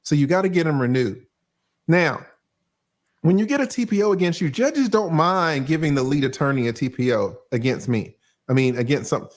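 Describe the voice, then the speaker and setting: Animated, profane man breaking down law. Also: a little high. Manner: animated, profane, acts out judges in quick asides. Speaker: livestream host, lawyer. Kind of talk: casual legal breakdown on a livestream.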